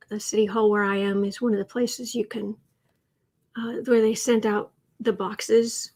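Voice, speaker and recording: A woman with a husky, slightly breathy voice, pitched a touch high for a woman, hosts a casual livestream. She rambles and restarts her sentences, with plenty of fillers. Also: a little mellow. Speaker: political tarot and astrology host.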